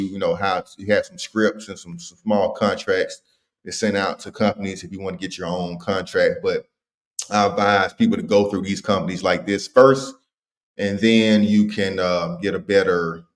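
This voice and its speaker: Man, livestream host, casual slang, reads comments aloud, animated, slightly low voice.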